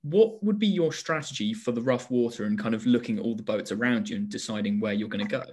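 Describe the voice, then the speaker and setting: British interviewer guy, asks his questions slowly with lots of ums. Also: medium pitch, darkish tone, slightly rough. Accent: British English. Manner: hesitant, with fillers. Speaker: sports journalist interviewer.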